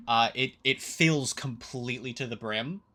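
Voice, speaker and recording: A man narrating a tabletop game as game master, casual and halting, with fillers. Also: mid-range voice, pushed and bright.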